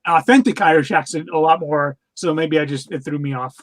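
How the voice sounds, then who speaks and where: A man with a notably high speaking voice chats casually on a podcast. He rambles through a recap, stopping and restarting often and laughing along the way. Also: a little fast. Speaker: podcast co-host. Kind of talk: casual chat reviewing cartoons.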